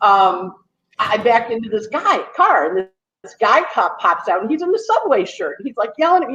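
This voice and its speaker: A woman astrologer chatting casually as a guest, telling a story quickly and acting out the people in it. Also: medium pitch, sing-song, fairly bright tone. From New York. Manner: talks fast when nervous, acts out quotes. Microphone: phone on a call. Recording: echoey, dull phone audio.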